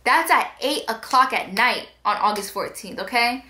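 A woman's voice: on the high side, normal speed, bright, forceful tone. A young woman vlogger telling a personal account to the camera in a candid, conversational way. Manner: candid, conversational, quotes text messages aloud. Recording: echoey room.

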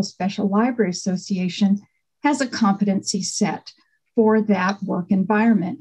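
A middle-aged woman, a faculty panelist, giving a conversational workshop talk over a video call with frequent pauses and fillers. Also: medium pitch, darkish tone, slightly rough, rough recording. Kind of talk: online workshop presentation.

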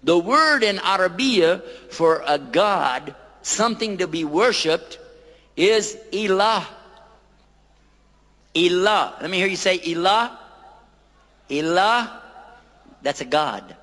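Slow-talking man, playful lecturer quizzing a crowd, reverberant hall. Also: high voice, lively intonation, sharp tone. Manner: playful, quizzing the audience, repeating words slowly. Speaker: lecturer on Islam. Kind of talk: lively public lecture to an audience. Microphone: microphone.

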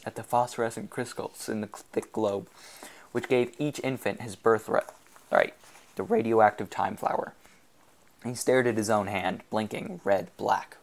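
A man reading a science fiction novel aloud in a steady, measured narration. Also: on the low side. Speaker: audiobook reader.

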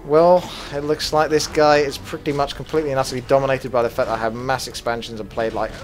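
A man commentating his own strategy game as he plays it, swearing freely and flaring into loud rage before calming down again. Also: medium pitch, fast, soft background music. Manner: swears a lot, flares into loud rage then calms. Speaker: gaming commentator. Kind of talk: gameplay commentary.

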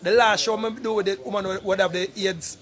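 With crowd noise in the background, a middle-aged Jamaican man speaks a little fast in a high voice with fairly even intonation. He is a vlogger talking casually to camera, pressing a repetitive, emphatic appeal for donations and calling out to people time after time.

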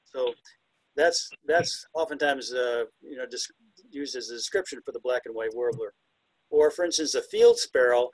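A man's voice: mid-range voice, expressive, normal speed, dry recording, rough recording. A man presenting a talk on identifying birds by ear, chatty and self-deprecating, now and then imitating the calls. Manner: imitates bird calls with hoots and whistles. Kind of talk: illustrated talk on bird songs.

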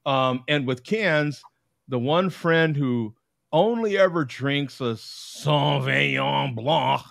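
A man from the United States hosting a casual video-call chat, talkative, laughing often and reading aloud in a halting way. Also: medium pitch, vocal fry, a bit bright, no echo. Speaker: host.

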